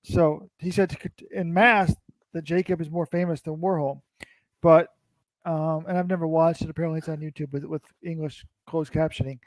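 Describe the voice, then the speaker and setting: A man's voice: fairly high pitch, steady tone, moderate pace, dry recording, rough recording. Rambling man on a dry mic. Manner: rambling, self-interrupting storyteller. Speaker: co-host. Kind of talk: casual recap chat.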